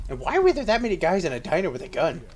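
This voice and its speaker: A man's voice: on the high side, huge pitch swings, racing, darkish tone. A young man casually commenting on a video game as let's play host, rambling and often laughing.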